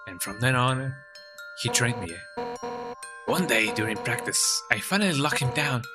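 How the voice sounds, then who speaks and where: A man's voice: medium pitch, animated, normal speed, over music, natural voice. A man reading the lines of a brash, hot-headed female fish warrior captain aloud, raising his voice to play her boastful manner. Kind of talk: reading game dialogue aloud.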